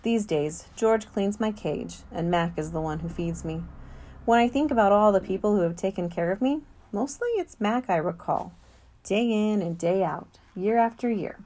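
Woman audiobook reader, calm and measured storybook narration. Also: mid-range voice.

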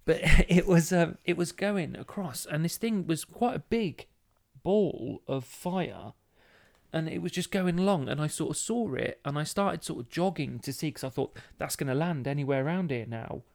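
A man's voice: on the high side, moderate pace, gravelly, a little mellow. A young man from the Dudley area with a Black Country accent, co-hosting a casual podcast and telling stories in a rambling way with frequent laughs. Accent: Black Country English. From Dudley area, West Midlands England. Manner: rambling storyteller, laughs often. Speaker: podcast co-host.

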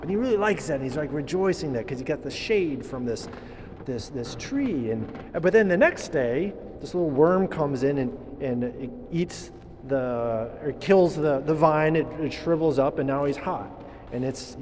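A man gives a homily in an easy, chatty manner, stumbling and restarting his phrases as he goes. His voice sits a little high for a man. A long church reverb follows each word over a faint hum of noise. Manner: conversational, halting with many restarts. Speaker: priest.

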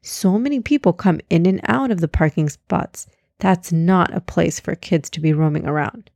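A woman's voice: lowish voice, normal speed, creaky, darkish tone, dry recording. A woman reading aloud, voicing a loving mother who firmly sets out rules for her children. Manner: firm, instructive, listing rules. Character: careful, loving mother of two.

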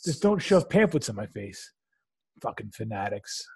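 A man's voice: on the low side, very animated, moderate pace, creaky, darkish tone, slightly rough. A man co-hosting a podcast in casual chat, sarcastic and given to profane rants. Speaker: podcast co-host.

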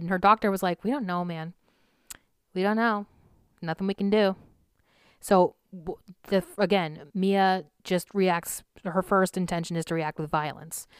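A woman's voice: on the low side, smooth, dry recording, clean studio sound. A woman recapping and reviewing a film in a casual, rambling way, with lots of fillers, restarts and sighs. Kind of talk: casual spoken movie recap.

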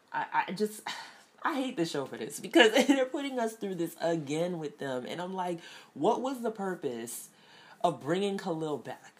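A woman casually reviewing a TV episode, chatty, with lots of fillers and frequent laughs. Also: lowish voice. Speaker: TV show reviewer.

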